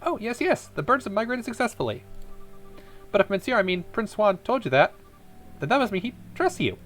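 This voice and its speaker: A man voicing a jittery little mouse assistant in a game, in a squeaky, stammering voice. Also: big pitch swings, a little fast, fairly bright tone, faint music behind. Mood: eager.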